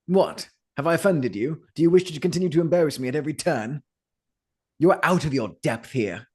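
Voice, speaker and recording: A man's voice: a little high, lively intonation, brisk, a little mellow, slightly rough, voice pushed up. A man voicing an indignant, red-faced police inspector in a tabletop game, huffy and threatening.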